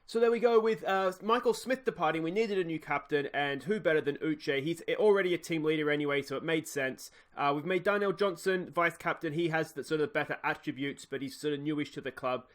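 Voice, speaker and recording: Chatty Australian man with a higher voice. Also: a little fast, few pauses, a bit bright. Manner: chatty, thinking aloud, frequent fillers and self-corrections. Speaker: gaming YouTuber. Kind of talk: let's play commentary.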